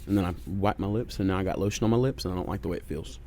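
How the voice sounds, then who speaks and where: A man's voice: low voice, racing, dark tone, slight background noise. Joking, profane podcast co-host man. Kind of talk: casual podcast banter. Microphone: studio podcast mic.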